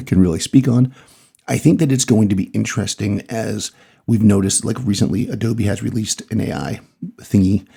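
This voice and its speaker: Gravelly middle-aged man with Massachusetts accent. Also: fairly low pitch. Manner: rambling, thinking out loud with small laughs. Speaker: podcast host, photographer. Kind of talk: casual solo podcast monologue.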